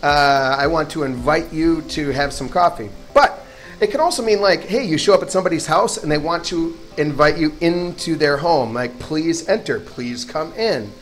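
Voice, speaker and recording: A man giving a casual, chatty lesson, repeating words slowly for practice. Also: on the high side, faint music behind. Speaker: language teacher.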